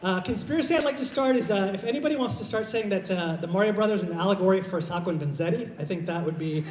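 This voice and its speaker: A man from Iowa doing a stand-up set, low-key and halting with lots of fillers, into a stage mic at a live show. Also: slight background noise. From Iowa, USA. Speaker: stand-up comedian. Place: live comedy show in a hall. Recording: roomy hall reverb.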